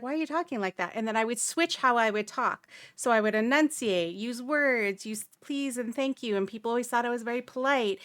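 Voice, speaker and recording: A woman from Canada speaking on a livestream panel, reflective and halting, often restarting her sentences. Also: medium pitch, a bit bright, smooth, dry recording, studio quality. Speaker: streamer, panel guest. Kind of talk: casual panel discussion.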